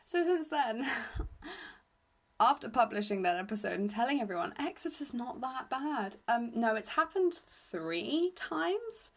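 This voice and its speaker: Chatty young woman with a raspy voice. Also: on the high side, very animated, slow pace. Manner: chatty, rambling, self-deprecating. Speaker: podcast host. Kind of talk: casual solo podcast chat. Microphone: phone.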